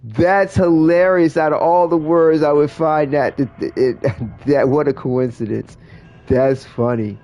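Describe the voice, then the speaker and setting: A man's voice: fairly high pitch, fairly even intonation, unhurried, warm tone. A man streaming a game, chatting casually with viewers in a rambling way, full of restarts and fillers. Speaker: livestreamer. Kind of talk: casual chat while gaming.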